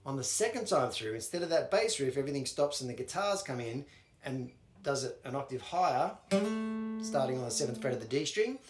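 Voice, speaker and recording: A man's voice: medium pitch, lively intonation, fairly quick. A man teaching a guitar song step by step, counting and singing the strum rhythms aloud as he plays. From Australia. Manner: counts and sings rhythms aloud while playing. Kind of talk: instructional walkthrough. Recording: roomy sound with loud guitar playing.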